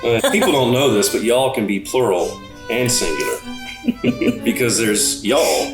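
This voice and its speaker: A man's voice: medium pitch, big pitch swings, unhurried, reverberant, music in the background. A man from Louisiana, a boat engineer, chatting casually with dry humor. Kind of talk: casual interview chat.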